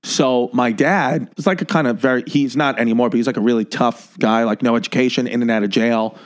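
This is a man, spinning a story as a guest on a casual podcast. His pitch sits in a middle range, and he talks in an animated, cursing way, tripping over restarts as he builds the tale. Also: brisk. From New York City. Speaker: comedian guest.

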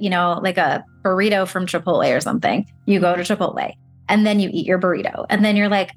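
A woman's voice: fairly low pitch, quick pace, soft background music. A woman speaking as a career break coach in an interview, giving encouraging advice and acting out little inner voices.

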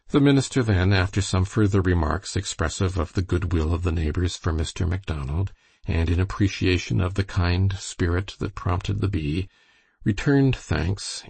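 A man narrating a novel as an audiobook reader, in a steady storytelling manner. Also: deep voice, vocal fry, breathy edge, dry recording. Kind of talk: reading a novel aloud.

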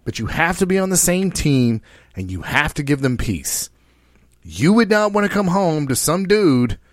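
A man's voice: fairly high pitch, big pitch swings, normal speed, no echo, studio quality. A man hosting a podcast, talking casually in a brash, profane and preachy way, often speaking straight to the listeners. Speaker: podcast host.

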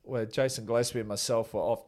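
A man's voice: mid-range voice, fairly even intonation, fast, darkish tone. A man, telling casual stories about a former teammate in an interview, chatty and laid-back. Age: 40s.

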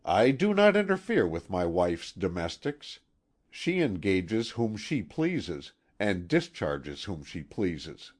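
A man's voice: low voice, very animated, slow, full character voice. A man voicing a serious, formal husband who speaks stiffly. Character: grave, serious middle-aged husband.

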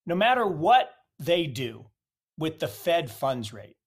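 Emphatic man with a higher voice. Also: sing-song, takes it slowly. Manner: emphatic, rhetorical questions. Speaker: guest commentator. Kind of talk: opinionated market commentary.

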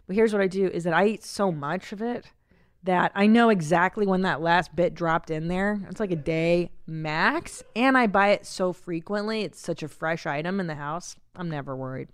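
A woman in her forties hosting a podcast, chatting casually and comically, animated and swearing freely with quick tangents. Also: fairly low pitch, clean tone, no echo, clean studio sound. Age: 40s. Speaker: podcast host. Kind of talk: casual comedic chat.

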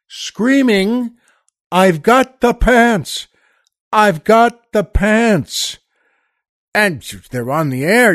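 High-voiced man telling a lively story. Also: dry recording, studio quality. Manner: animated, acts out quoted voices, shifts between hushed and loud. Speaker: comedian telling a backstage story. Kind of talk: storytelling anecdote.

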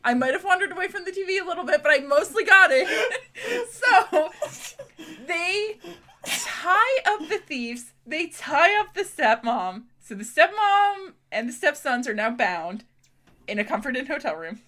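A woman's voice: high voice, big pitch swings, measured pace, bright, forceful tone. A young woman co-hosting a podcast, ranting about a movie in exasperated, laughing bursts. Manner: exasperated, laughing, swearing rants. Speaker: podcast co-host. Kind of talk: casual movie-recap chat.

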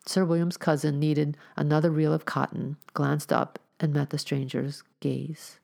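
A woman narrating a story as an audiobook reader, with a measured, steady reading. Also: deep voice, gravelly.

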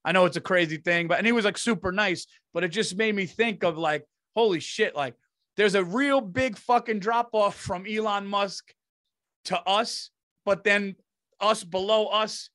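Profane, rambling man telling stories, high voice, dry sound. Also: a little slow, a bit bright, no echo. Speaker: comedian podcast host. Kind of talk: casual storytelling chat.

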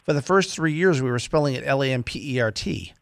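A man on a radio show talking easily about family history, relaxed and explanatory, laughing now and then. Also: mid-range voice, quick pace, creaky, no room sound, studio quality. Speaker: guest genealogist. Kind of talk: radio guest chat.

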